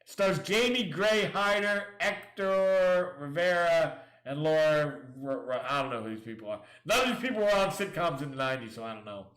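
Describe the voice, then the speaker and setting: A man's voice: a little high, animated, moderate pace, fairly bright tone, reverberant. A male show host in a casual livestream rant, reading listings aloud and mocking them with crude, sarcastic jabs. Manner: reads listings aloud then riffs.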